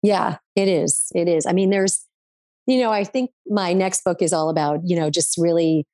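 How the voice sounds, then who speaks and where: Middle-aged woman guest, lower voice, earnest and rambling, dry close mic. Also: moderate pace, warm tone, no echo. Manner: rambling, lots of fillers and restarts, earnest. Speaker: guest, author. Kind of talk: casual interview chat.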